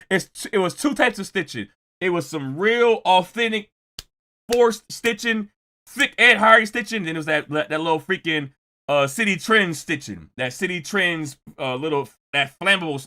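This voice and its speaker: A young man streaming, telling a story to his chat in casual, slangy talk with animated, loud bursts. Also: a little high.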